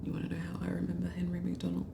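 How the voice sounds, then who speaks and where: A woman's voice: on the low side, monotone, very fast, gravelly, reverberant, noisy background. An actress playing a drunk Australian political media adviser, bitter and sarcastic as she rambles through a story. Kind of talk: film drama dialogue.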